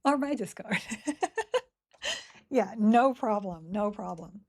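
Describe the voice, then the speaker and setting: A woman with a mid-range, darkish voice streams a game and reads chat, chatting casually and giggling. She speaks slowly with lively intonation and pokes fun at herself.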